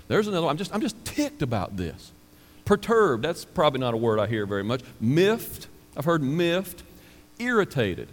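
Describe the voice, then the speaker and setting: Animated preacher in a reverberant hall. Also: male voice, on the high side, moderate pace. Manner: animated, self-deprecating, acts out quoted excuses. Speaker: pastor. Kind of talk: sermon.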